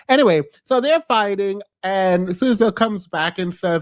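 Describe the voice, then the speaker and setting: A man with a high, bright-sitting voice runs through celebrity gossip in a loose, animated way, laughing easily. The sound is close and dry, with no room around it. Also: normal speed, hardly any pauses, dry recording. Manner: animated, chatty, laughs often. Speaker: pop culture commentator. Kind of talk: casual gossip commentary.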